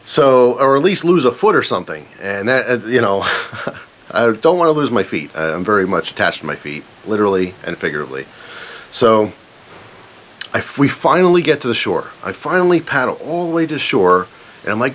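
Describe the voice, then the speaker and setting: A man casually telling a personal story on his channel, animated and self-mocking, rambling with fillers. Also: medium pitch, brisk, a little hiss or hum. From Pennsylvania, USA.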